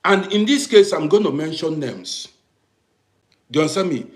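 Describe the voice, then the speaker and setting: Livestream host, a man with an African English accent, emphatic and repetitive, with a slightly high voice that swings widely. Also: animated, moderate pace, reverberant. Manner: emphatic, repeats "do you understand me", swings from quiet to loud bursts. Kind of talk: live-streamed commentary to viewers.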